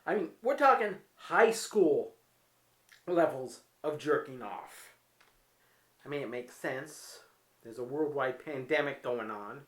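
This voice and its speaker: A man's voice: medium pitch, expressive, slow pace, fairly bright tone. A man vlogging casually from his apartment, telling stories with wry, candid, self-mocking humor. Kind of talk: casual home vlog storytelling. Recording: roomy echoey room.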